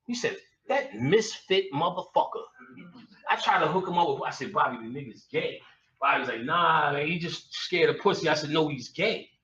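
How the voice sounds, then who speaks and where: In a lecture room packed with listeners, a man with a fairly high, expressive voice delivers stand-up-style crude stories at a normal pace. He curses freely, leans on slang, and laughs and yells at his own punchlines, all captured by a far-off, lo-fi mic with plenty of room echo.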